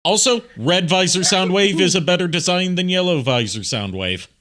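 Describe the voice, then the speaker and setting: A man's voice: high-pitched, expressive, moderate pace, a crowd in the background. A man chatting casually on a watch-along, joking and getting nerdy about toy figures. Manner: joking, nerdy, goes on tangents. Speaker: cast member on commentary.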